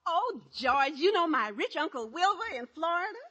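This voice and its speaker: A demanding wife in an old radio comedy, her voice high, bright and swooping. She pleads and turns on the tears to get her way. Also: sing-song, moderate pace, heavily acted. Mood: coaxing. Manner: pleading, weepy. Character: demanding wife, tearful, manipulative. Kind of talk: 1950s radio comedy acting.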